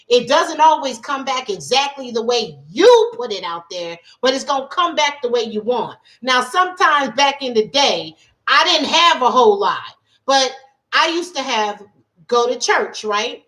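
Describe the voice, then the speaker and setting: Woman tarot life coach, casual livestream, emphatic, repetitive, slightly high voice. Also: fairly bright tone. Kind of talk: casual livestream talk and storytelling.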